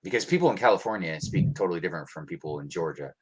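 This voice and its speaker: Low and racing with a breathy edge, this American man's voice carries a casual livestream chat he co-hosts. He's relaxed, rambling, and leans on many ums.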